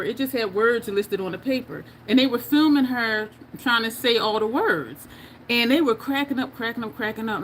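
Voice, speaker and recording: Doing her makeup live, a high-voiced woman keeps up easygoing chatter with her audience. She laughs a lot and reads their comments aloud over slight background noise.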